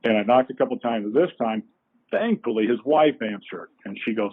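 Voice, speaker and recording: A middle-aged man, a company co-founder, telling folksy, animated stories as a podcast guest over a tinny phone-like line. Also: medium pitch, a little fast. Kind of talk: anecdotal storytelling in a podcast interview.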